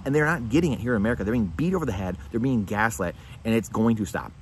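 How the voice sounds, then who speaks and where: A male vlogger speaks straight to camera at a rapid clip, hammering points home through repetition and rhetorical questions. His delivery is emphatic and urgent. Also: on the low side, a little hiss or hum. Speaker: finance vlogger. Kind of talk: direct-to-camera commentary.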